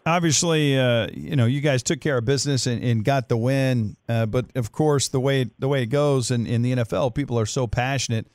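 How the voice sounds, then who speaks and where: Animated sports radio co-host, man. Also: mid-range voice, brisk, few pauses, dry recording, clean studio sound. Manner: animated storyteller, acts out quotes. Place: radio studio.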